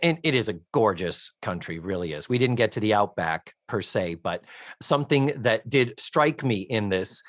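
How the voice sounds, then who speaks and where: Animated man, lively swearing podcast co-host. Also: lowish voice, normal speed, dry recording, clean studio sound. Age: 50s. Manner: animated, swears freely, acts out scenes in loud voices. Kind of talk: casual chat.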